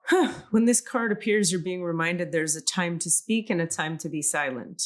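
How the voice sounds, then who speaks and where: Calm low-voiced woman reading cards. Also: moderate pace, few pauses. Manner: reads card texts in a calm, soothing cadence. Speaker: podcast co-host reading intuitive cards. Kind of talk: casual spiritual chat with card readings.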